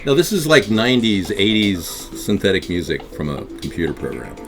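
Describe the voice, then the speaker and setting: A man's voice: low voice, sing-song, normal speed, faint music behind. A man hosting a live interactive talk stream, rambling and combative as he answers chat.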